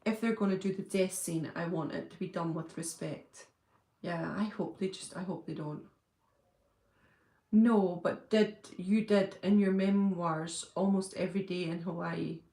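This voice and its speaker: A middle-aged woman hosts a relaxed livestream, answering viewers' comments in a gushing, chatty way. Her voice carries a gravelly fry, and it rings around an echoey room. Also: lowish voice, a little slow. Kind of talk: casual chat.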